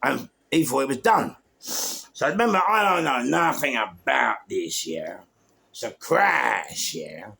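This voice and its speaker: A man's voice: medium pitch, very animated, slow pace, vocal fry, bright, forceful tone, husky. A man with a London accent telling stories casually, with street slang, swearing, and frequent "yeah?" check-ins. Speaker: storyteller guest. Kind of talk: casual storytelling.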